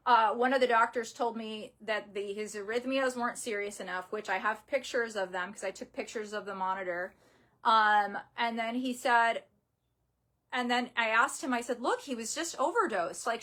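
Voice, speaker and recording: Young adult woman, slightly high voice, grieving vlogger. Halting, upset delivery, near tears, lots of restarts. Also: fairly bright tone. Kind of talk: emotional personal story.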